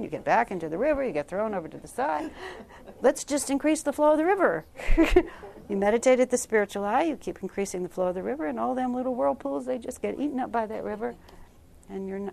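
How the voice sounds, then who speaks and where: A woman's voice: medium pitch, gravelly. Woman teaching meditation to a group. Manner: conversational, laughs often, animated storytelling. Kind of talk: informal spiritual class talk.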